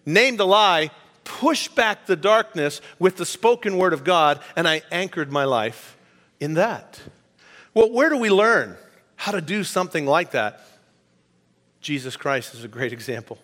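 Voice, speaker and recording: A middle-aged male pastor delivers a sermon with a somewhat high voice. He leans hard into his points, then falls to a hushed near-whisper. The sound carries a long reverb from a large church hall. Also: lively intonation, measured pace. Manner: emphatic preaching, rising and dropping to a quiet hush.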